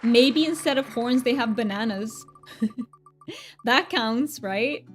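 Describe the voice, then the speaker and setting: Chatty, giggly woman streamer talking to her chat; pitched a bit high, light music underneath. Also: slow, pauses often, some chatter behind. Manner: chatty, giggly, thanks viewers by name. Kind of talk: casual livestream chat.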